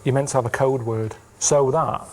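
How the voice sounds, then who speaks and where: A man, telling stories in a deadpan, rambling, plainspoken way in a TV interview. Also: medium pitch, moderate pace, a little hiss or hum. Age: 30s.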